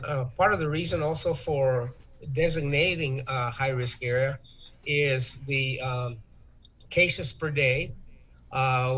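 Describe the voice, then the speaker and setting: A man answering interview questions in a measured, hesitant way, with many ums and uhs. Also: mid-range voice, pushed and bright, poor audio. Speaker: interview guest, tourism official. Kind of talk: talk-show interview.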